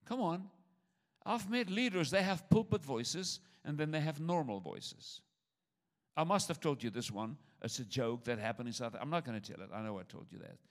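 A man's voice: fairly high pitch, expressive, moderate pace. An older man preaching a sermon to his church, humorous and repetitive, with stammered restarts. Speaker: pastor.

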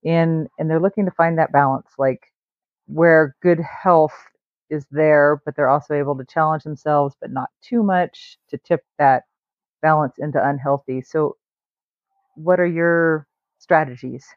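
A man's voice: on the high side, steady tone, unhurried, no echo. A male host asking long, winding, thoughtful questions in an interview. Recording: dry tinny phone-like line.

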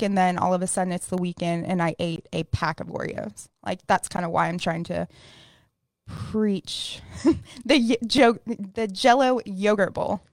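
A woman's voice: medium pitch, no room sound. Upbeat woman fitness coach, dry sound. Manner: upbeat, laughs often, says "like" a lot. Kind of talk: casual podcast chat.

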